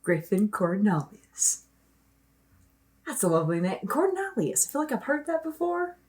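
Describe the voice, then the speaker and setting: A woman's voice: medium pitch, big pitch swings, normal speed, darkish tone, lightly acted. A woman doing a bubbly, stammering giant furbolg. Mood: chatty. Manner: rambling, stammering, effusive. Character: huge friendly male furbolg, bubbly.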